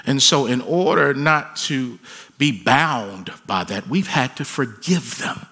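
A man preaching a sermon, dropping to hushed pleading and then rising into loud, emphatic peaks. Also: medium pitch, lively intonation, slow pace, breathy edge. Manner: swings from hushed pleading to soaring shouted emphasis. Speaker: pastor.

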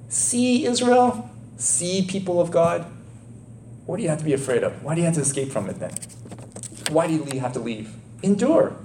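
Animated preacher man, roomy echo. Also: on the high side, slight background noise. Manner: animated, conversational, rhetorical questions. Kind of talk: sermon.

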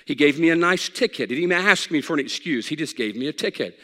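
A man's voice: fairly high pitch, expressive, quick pace, fairly bright tone. A man preaching a sermon as pastor, telling folksy stories and rising with emphasis at key points. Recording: long hall reverb.

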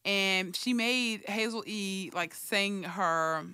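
A woman's voice: medium pitch, slow pace, pushed and bright, clear, resonant tone. A young woman co-hosting a podcast in casual chat, frank and profane, often laughing as she talks. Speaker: podcast co-host.

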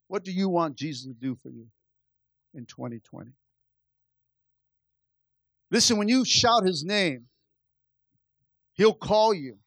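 Sitting high in pitch and recorded dry, this man's voice delivers a sermon to his congregation. As a pastor driving his message home, he surges and eases in intensity, repeating himself and restarting words often.

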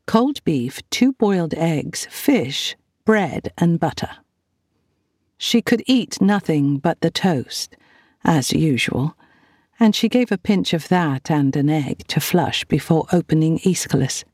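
A woman reading an audiobook in a measured, gentle narration. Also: low voice, lively intonation, no room sound, studio quality. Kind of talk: scripted narration.

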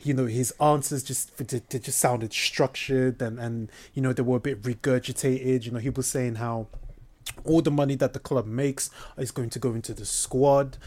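A man's voice: medium pitch, steady tone, moderate pace, darkish tone. A man, co-hosting a casual football chat, blunt and opinionated with some swearing. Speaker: podcast co-host.

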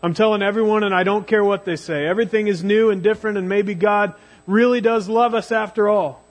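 A man preacher voicing a desperate, evasive woman at a well, talking in a quick, flustered, raised voice. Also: a little high, lively intonation, fairly bright tone, breathy edge. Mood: elated.

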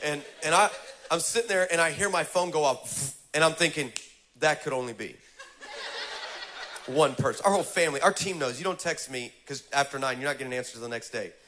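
High-voiced animated male preacher. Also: quick pace, a little hiss or hum. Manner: animated, humorous, builds to fervent preaching. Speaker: pastor. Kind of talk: comic storytelling sermon.

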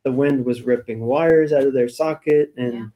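A man co-hosting a church podcast, telling stories in a relaxed, chatty way. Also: medium pitch, normal speed, muffled recording. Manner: chatty, storytelling, light laughs. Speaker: church staff podcast co-host. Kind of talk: casual church podcast chat.

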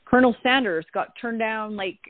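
A woman's voice: on the high side, normal speed, no echo. A middle-aged woman speaking candidly in a casual conversation, telling personal stories and reflecting. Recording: tinny call audio.

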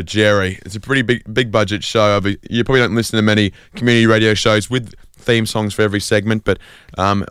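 A man's voice: sits low, clear, resonant tone, no room sound, studio quality. An Australian man hosting a community radio show, rambling through a self-deprecating comic monologue with lots of fillers and restarts. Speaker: radio host.

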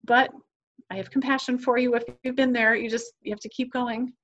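A woman's voice: fairly high pitch, flat delivery, fairly quick, a bit bright, muffled recording. A woman guest on a podcast talking earnestly about parenting, acting out quoted conversations as she tells stories. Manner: earnest, enthusiastic, acts out quoted dialogue. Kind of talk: podcast interview, animated storytelling.

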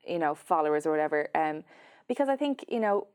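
A woman's voice: low voice, expressive, fast, clean tone. A woman, a journalist chatting as a guest, talking with lots of fillers and restarts. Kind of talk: casual interview chat.

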